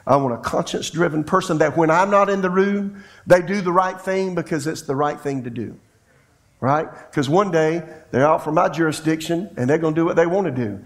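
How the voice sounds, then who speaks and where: Folksy middle-aged preacher, storytelling. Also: male voice, a little high, a little fast. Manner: folksy storytelling preacher who acts out dialogue. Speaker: pastor. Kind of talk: sermon.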